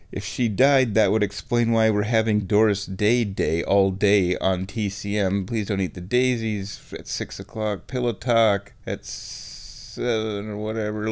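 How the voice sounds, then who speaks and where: Slow-talking man rambling excitedly. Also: lowish voice. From United States. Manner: excitable, thinks aloud, self-mocking. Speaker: podcast host. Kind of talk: rambling solo chat.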